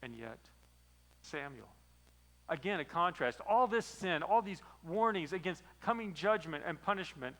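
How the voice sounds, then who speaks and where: A man as pastor preaching a sermon, retelling a story in a lively, storytelling way. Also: on the high side, moderate pace, rough recording.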